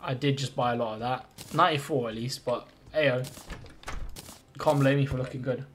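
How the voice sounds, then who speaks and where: A man's voice: medium pitch, fairly even intonation, moderate pace, noisy background. Chatty male streamer thinking aloud. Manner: chatty, thinks aloud, greets and thanks chat viewers. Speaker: live streamer playing a building game. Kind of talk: casual live-stream chat.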